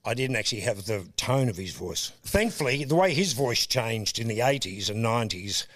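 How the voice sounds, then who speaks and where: An Australian man in his sixties telling stories as a guest, animated and often laughing. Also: mid-range voice, moderate pace. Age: 60s. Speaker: guest, comedian. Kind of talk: casual storytelling interview.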